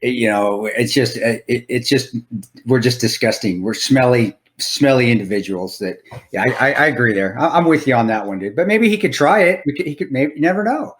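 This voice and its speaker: A man co-hosting a casual podcast, his voice at an ordinary middle pitch. He rambles, stumbles over his words and restarts, then lands on blunt opinions. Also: animated, a little fast. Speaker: podcast co-host. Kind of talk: casual chat.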